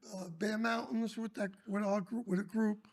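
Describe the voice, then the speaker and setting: An older man, a former teacher, telling animated stories in casual chat and raising his voice when he quotes people. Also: sits high, moderate pace. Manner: animated, raises voice for quoted lines. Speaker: former schoolteacher guest. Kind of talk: casual storytelling.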